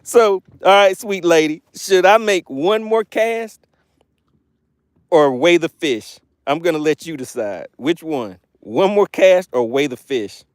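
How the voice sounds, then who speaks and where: A man's voice: on the high side, animated, takes it slowly, smooth, no echo, clean studio sound. A man hosting a live fishing stream from a boat, chatting casually and laughing as he reads viewer comments aloud. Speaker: fishing channel host.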